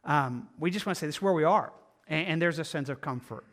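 A pastor delivers a sermon in a fairly high male voice. He talks earnestly and conversationally, and now and then he slips into the voices of doubting listeners. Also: fast talker, fairly bright tone. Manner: earnest, conversational preaching with acted-out inner voices.

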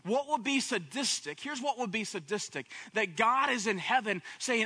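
Slow, bright-voiced male preacher. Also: high voice, very animated, husky. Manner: repetitive, rising to impassioned cries at peaks. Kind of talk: sermon.

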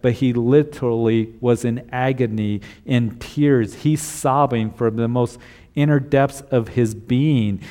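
A man's voice: medium pitch, warm tone. A middle-aged male pastor preaching a sermon, asking a string of rhetorical questions and acting out the voices he quotes.

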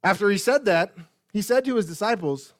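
Male pastor mid-sermon: high voice, asks his church pointed questions, dry close sound. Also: a little fast, no room sound. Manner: animated preaching with rhetorical questions and repetition; addresses the congregation directly.

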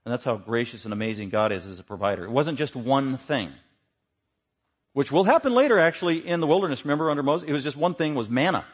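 Male pastor, sermon delivery, emphatic with loud peaks and quiet drops. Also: mid-range voice, expressive, quick pace, husky. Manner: emphatic, swings from loud to hushed.

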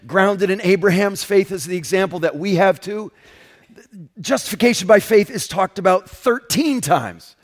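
A man preaching a sermon in a conversational, emphatic way, swinging between loud and hushed and often checking in with "right?". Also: high-pitched. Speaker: pastor.

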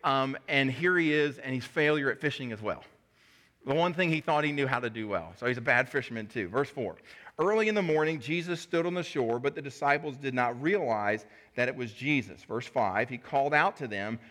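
A man's voice: expressive, a little fast, a bit bright. A man preaching a sermon in a conversational way, acting out the dialogue of the people in his story. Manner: conversational, acts out dialogue with sudden pitch jumps.

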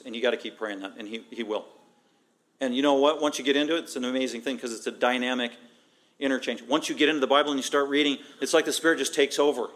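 A man's voice: medium pitch, steady tone, fast talker, fairly bright tone. A middle-aged man preaching a sermon as a pastor, emphatic and conversational, piling up repeated phrases for stress. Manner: conversational, breaks into acted quotes.

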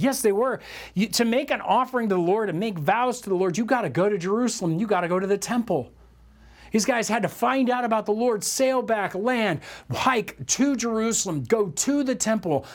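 A man preaching a sermon as a pastor, animated and acting out the voices he quotes. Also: high voice.

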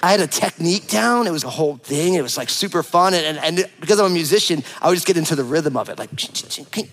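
A man in his forties with a fairly high voice talks fast as he preaches. The pastor shares a humorous personal anecdote, playfully and with lots of energy, acting out each line of dialogue.

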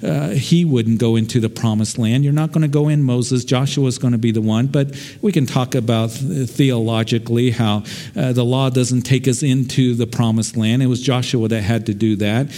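Pastor guy preaching, warm mellow tone, earnest and chatty. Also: mid-range voice, fairly even intonation, normal speed. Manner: earnest, conversational preaching with dramatic quoted voices. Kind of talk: sermon.

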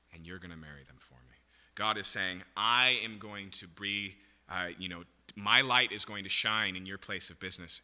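A man's voice: on the low side, pushed and bright, in a large hall. A man preaching a sermon, teaching through a Bible passage and checking in with the room with "okay?" and "right?". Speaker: pastor.

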